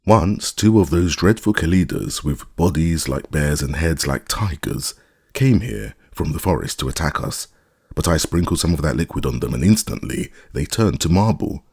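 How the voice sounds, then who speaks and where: A man's voice: a bass voice, animated, moderate pace, darkish tone, breathy edge, full character voice. A man voicing a boastful old male magician who lectures about his own inventions.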